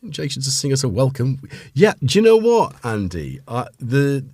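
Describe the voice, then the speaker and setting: A man's voice: mid-range voice, wildly swooping pitch, normal speed, darkish tone, husky, no echo, clean studio sound. A man from North Wales with a North Welsh accent, hosting a casual livestream and chatting in a rambling way while reading out viewers' names. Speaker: host.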